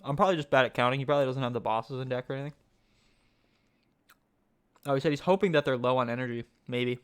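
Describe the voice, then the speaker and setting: A man giving live-stream commentary on a card game tournament, excitable and thinking aloud, often asking his chat questions. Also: mid-range voice, fast talker, clear, resonant tone.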